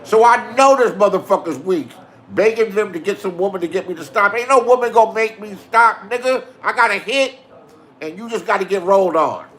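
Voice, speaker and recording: A man's voice: high voice, lively intonation, fairly quick, fairly bright tone. A man telling a profane story in a boastful rant, swearing and insisting that what he says is the truth. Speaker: online show host.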